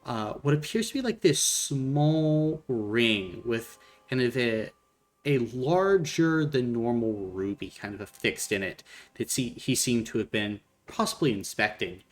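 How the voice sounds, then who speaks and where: A man's voice: medium pitch, lively intonation. A man narrating scenes as the game master of a tabletop role-playing game. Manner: unhurried descriptive narration. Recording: faint background music.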